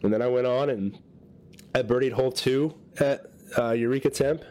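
A man's voice: medium pitch, normal speed. A man co-hosting a podcast, telling a long story in casual chat and acting out what people said. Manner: animated storyteller acting out quotes. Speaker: podcast co-host.

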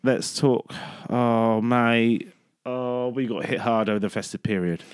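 A man's voice: medium pitch, fairly even intonation, a little slow, smooth, dry recording, clean studio sound. A man co-hosting a casual football podcast, joking and rambling as he talks. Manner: joking, rambling, laughs at his own jokes. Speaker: podcast co-host.

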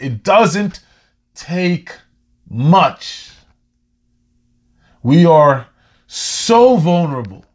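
A man talks straight to his listeners in a relaxed, heartfelt monologue, full of slang and spoken asides. His voice is husky and sits a little high for a man. He draws out his words when he wants a point to land. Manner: conversational, heartfelt, slangy, slows down for emphasis. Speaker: podcast host. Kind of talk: casual motivational monologue.

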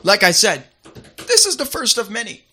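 A man's voice: sits high, wildly swooping pitch, moderate pace, bright, forceful tone, husky. A man co-hosting a radio show, bantering casually in a jokey, teasing way and tripping over repeated words.

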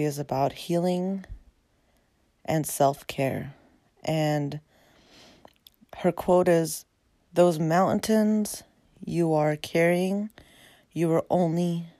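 A woman hosting her own podcast, reflective and heartfelt, her voice raspy after a long day. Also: low-pitched, warm tone, no room sound. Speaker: podcast host. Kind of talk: personal podcast monologue.

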